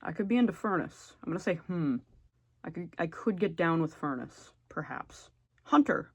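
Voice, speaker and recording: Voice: mid-range voice, lively intonation, normal speed, gravelly, slightly rough, no echo. A young adult YouTuber giving blunt, sarcastic, casual comedic commentary and swearing freely. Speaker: YouTuber ranking game characters.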